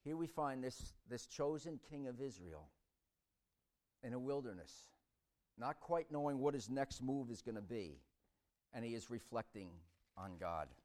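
A man preaching a sermon, swinging between hushed reflection and loud, dramatic storytelling. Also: mid-range voice, lively intonation, unhurried.

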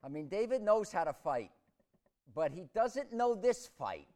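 A man preaching with a fairly high, very lively voice. He retells stories dramatically, dropping to hushed reflection and then rising to loud, shouted lines. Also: a little slow. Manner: dramatic storytelling delivery. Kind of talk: sermon.

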